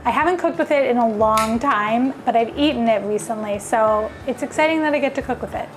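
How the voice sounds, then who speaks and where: A woman's voice: a little high, a little fast, music in the background. A woman hosting a casual cooking vlog, chatting enthusiastically as she cooks in her home kitchen. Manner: chatty and enthusiastic, thinks aloud while cooking. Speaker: cooking video host.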